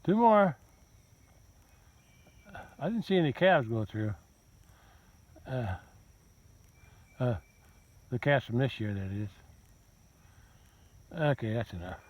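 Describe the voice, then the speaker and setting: Male farmer of medium pitch, narrating his outdoor chores with a rambling, chatty delivery and speaking to his cattle in between. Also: expressive, slow, long pauses, dull audio. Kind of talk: casual self-narrated vlog. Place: outdoors on a farm pasture.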